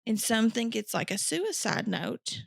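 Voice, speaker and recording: A woman's voice: a little high, big pitch swings, unhurried, creaky, dry recording, clean studio sound. A woman co-hosting a podcast, chatting in a giggly, rambling, self-deprecating way. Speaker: podcast co-host. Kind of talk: casual chat.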